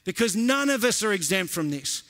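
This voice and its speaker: Man, pastor, high bright voice, earnest sermon delivery that swells with passion. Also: big pitch swings, moderate pace. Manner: earnest storytelling, building to impassioned emphasis. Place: church auditorium, preaching live to a congregation.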